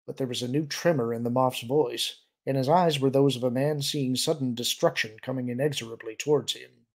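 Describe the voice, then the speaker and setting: A man's voice: mid-range voice, fairly even intonation, brisk. A man narrating a novel as an audiobook reader, reading steadily.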